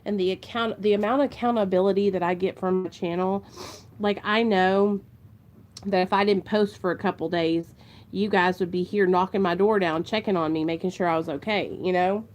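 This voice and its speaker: A woman's voice: medium pitch, steady tone, moderate pace, darkish tone. Emotional young woman with a twang. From Ohio. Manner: emotional, earnest, rambling, says "you guys" often. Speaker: vlogger. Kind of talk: casual heartfelt chat to camera.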